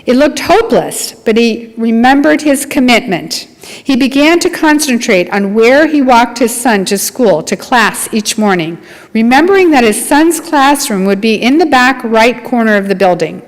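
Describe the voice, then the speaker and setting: A woman's voice: fairly high pitch, animated, moderate pace. A woman giving a sermon to a congregation, telling a story in an earnest, dramatic way and acting out the dialogue. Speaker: lay speaker at a congregation. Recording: long hall reverb.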